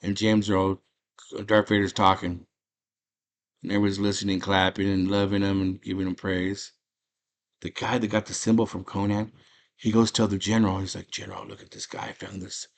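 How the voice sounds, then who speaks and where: Casual male host, low-ish voice, animated plot retelling. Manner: animated storytelling, acting out character lines in quick impressions. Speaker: movie podcast host.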